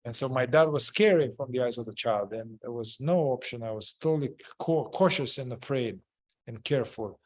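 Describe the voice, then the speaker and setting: A man leading a group, explaining a therapy method, halting and searching for words, often repeating phrases. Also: mid-range voice. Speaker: group facilitator.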